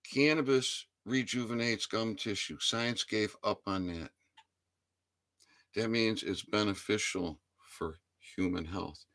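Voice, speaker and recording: A channel host delivers an angry, slow ranting monologue, swinging between shouting and low muttering, laced with heavy profanity.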